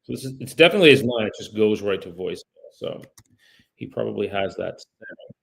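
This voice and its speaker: A man's voice: on the low side, animated, fast talker, vocal fry, fairly bright tone, slight background noise. A man working as a real estate agent, chatting casually to viewers while making cold calls on a livestream. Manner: chatty, addresses viewers directly; polite and apologetic on calls.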